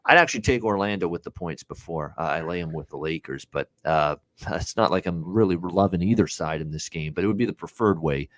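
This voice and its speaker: A man's voice: deep voice, a little fast, fairly bright tone, slight background noise. A man hosting a sports betting show in casual talk, blunt and full of "uh" fillers as he rattles off scores and lines.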